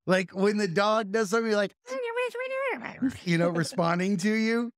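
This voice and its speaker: A man's voice: sits high, fairly even intonation, normal speed, clean tone, no echo, studio quality. A young man hosting a podcast in casual chat, loose and jokey, often slipping into silly voices. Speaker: podcast host.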